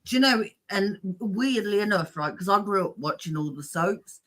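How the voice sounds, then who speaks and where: A woman's voice: medium pitch, lively intonation, moderate pace, fairly bright tone. A woman in casual chat on a livestream, talking in a chatty, teasing way.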